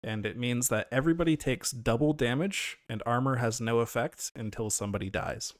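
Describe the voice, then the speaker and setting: A man narrating as game master of a tabletop role-playing game, relaxed, with many fillers and frequent laughs. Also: mid-range voice, fairly quick, dry recording, clean studio sound.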